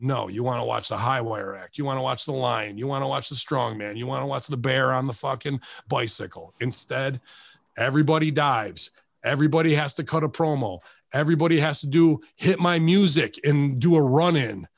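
A man hosting a casual podcast chat, ranting in an animated way, swearing freely and acting out quotes. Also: medium pitch, fairly quick, creaky, dry recording, studio quality. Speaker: podcast host and former wrestler.

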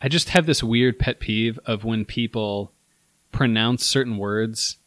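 A man's voice: on the low side, measured pace, fairly bright tone, dry recording. A man co-hosting a casual podcast chat, rambling and hesitant but candid. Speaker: podcast co-host.

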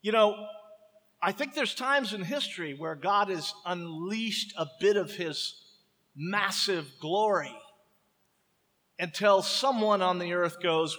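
A man preaching a sermon with impassioned, dramatic emphasis, slowing down to stress key words. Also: high-pitched, a bit bright, roomy sound, in a large hall. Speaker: pastor.

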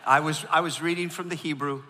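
A man delivers a sermon in a large church auditorium, mixing jokes with calls for the congregation to repeat after him. His voice sits a little high and sounds very bright. A long reverb trails behind every phrase. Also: fairly even intonation, a little fast, a little hiss or hum. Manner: joking, calls for audience responses. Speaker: pastor.

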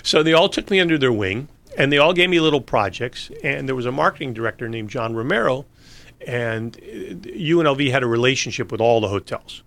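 A man's voice: mid-range voice, expressive, fairly quick, vocal fry, a bit bright. Man telling rambling stories. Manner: rambling anecdotes with laughs and restarts. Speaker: interview guest. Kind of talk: casual storytelling.

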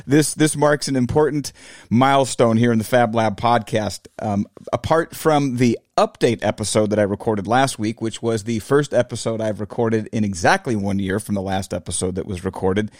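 A podcast host in his forties delivers a reflective, casual solo monologue, calling his listeners fellow fabricators. His voice is on the low side and a little mellow, at normal speed, recorded in a clean studio with no echo.

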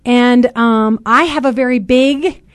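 A loud, chatty woman hosting a casual talk radio show from a studio. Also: on the high side, slow pace, no room sound. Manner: loud and chatty, says so herself.

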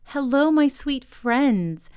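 A woman hosting a children's story podcast, reading a book aloud gently and enthusiastically. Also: high voice, lively intonation, slow pace, loud music behind the voice. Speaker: storybook reader and podcast host.

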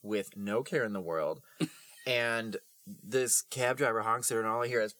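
A man co-hosting a podcast, chatting casually with playful quick quips and telling a story. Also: medium pitch, animated, a bit bright, a little hiss or hum. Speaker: podcast co-host. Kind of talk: casual chat.

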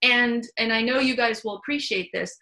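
A woman hosting a casual, candid conversation, telling stories in an animated way with the odd swear word. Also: on the high side, normal speed, rough recording. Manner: animated, candid, salty storytelling. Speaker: host. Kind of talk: casual chat.

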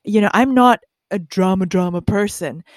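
A woman hosting a podcast conversation, speaking in a halting, emphatic way with many restarts. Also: mid-range voice, dry recording, studio quality. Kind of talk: candid conversation.

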